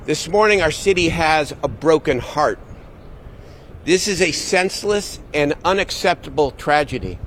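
A man, a city mayor, giving an emphatic, deliberate public statement. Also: a little high, fairly bright tone, slight background noise.

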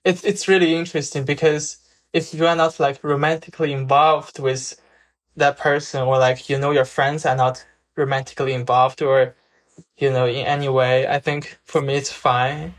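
A man's voice: medium pitch, level tone, normal speed. A young man, a guest in a casual discussion, speaking hesitantly and searching for words. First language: Chinese. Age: young adult.

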